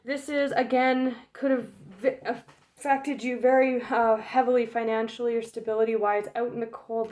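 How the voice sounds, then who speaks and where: A woman giving a casual tarot reading, frank and emotional, swearing freely, laughing often and filling pauses with um and like. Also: on the high side, little pitch movement, a little mellow. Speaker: tarot reader.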